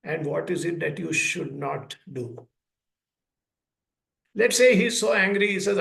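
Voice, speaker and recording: A man giving a talk at a school, speaking slowly and deliberately and acting out short dialogues between a parent and a child. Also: fairly high pitch, expressive, creaky, a bit bright. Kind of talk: lecture with plain everyday examples. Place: school hall. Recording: echoey room.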